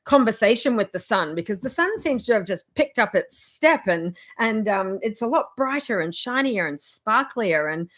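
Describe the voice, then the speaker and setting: A woman's voice: mid-range voice, lively intonation, moderate pace, hardly any pauses, a bit bright. A woman giving casual motivational advice in a vlog, rambling and chatty, with frequent laughs. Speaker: wellness vlogger.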